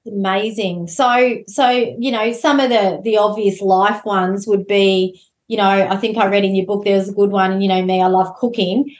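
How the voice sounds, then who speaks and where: A woman's voice: medium pitch, fairly even intonation, normal speed. A woman hosting a casual podcast interview, enthusiastic and friendly, asking loose, rambling questions. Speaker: podcast host. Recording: echoey room.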